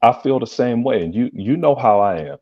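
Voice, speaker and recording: A man's voice: mid-range voice, lively intonation, a little fast, no echo. A man joining as a guest in a casual chat, laid-back and rambling with restarts. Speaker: podcast guest. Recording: dull dry lo-fi sound.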